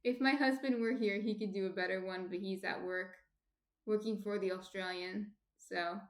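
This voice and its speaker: Her voice sits at a medium pitch with a steady tone and a moderate pace, echoing a bit around her home kitchen. The New Jersey woman is livestreaming her baking and casually reading out viewer comments, rambling with lots of fillers and restarts.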